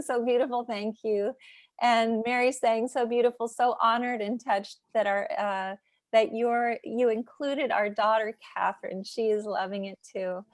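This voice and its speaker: A woman hosting an online video call meeting, reading chat messages aloud in a warm, moved way. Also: fairly high pitch, fairly even intonation, a little slow, no room sound. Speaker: meeting host. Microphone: computer mic on a video call.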